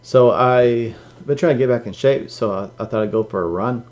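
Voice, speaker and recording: A man's voice: medium pitch, fairly quick, darkish tone. Man casually chatting on a live stream. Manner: joking, tells dad jokes with a straight face. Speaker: podcast co-host.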